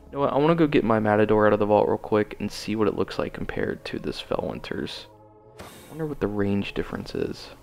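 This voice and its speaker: A young man with a low, gravelly voice gives casual gameplay commentary, swearing and muttering at the game with exasperation. Faint music plays underneath. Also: animated, fairly quick, a little mellow. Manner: exasperated, profane, talks to himself while playing. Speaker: gaming channel host.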